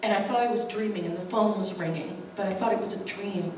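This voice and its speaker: A woman's voice: medium pitch, fast, darkish tone, slight background noise. Woman recounting a personal story earnestly, mic set back in a reverberant hall. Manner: earnest, acts out quoted dialogue. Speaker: speaker sharing her testimony. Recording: echoey room, distant mic.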